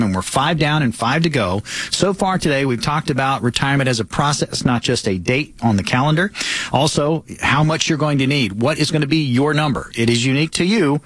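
A man's voice: medium pitch, fairly bright tone, dry recording. A man in his fifties hosting a financial talk show, chatty and upbeat, poking fun at himself. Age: 50s. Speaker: host.

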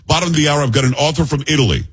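A man's voice: fairly high pitch, rapid-fire, breathy edge, poor audio. A male talk radio host in a chatty, opinionated monologue, putting direct questions to his listeners.

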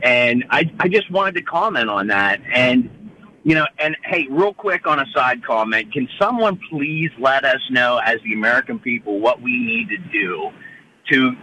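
A man's voice: medium pitch, animated, normal speed, pushed and bright, poor audio. A man from Pittsburgh with a Pittsburgh accent, calling in to a talk radio show and rambling through his thoughts with many fillers. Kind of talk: phone-in call. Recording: radio call with faint noise.

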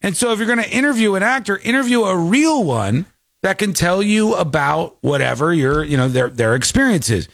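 Male show host, sarcastic and mocking, with a lively, rather high voice and a dry close sound. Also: a little fast, creaky, no echo. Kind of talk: commentary on a news clip.

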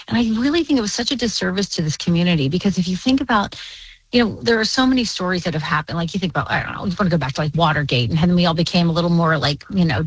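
A woman journalist guesting on a radio show, telling a story in an animated way with quick laughs. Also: fairly low pitch, husky, dry recording, low-quality recording. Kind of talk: casual radio interview.

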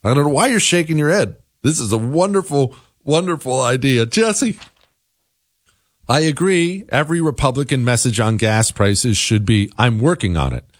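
A male radio talk show host reading listener email aloud, with wry, sarcastic asides and lively commentary. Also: mid-range voice, moderate pace, no echo, clean studio sound.

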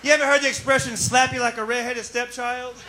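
A man's voice: very high voice, little pitch movement, quick pace, over a noisy crowd, heavy background noise. A man doing a stand-up set in a wry, mock-conspiratorial way. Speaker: stand-up comedian.

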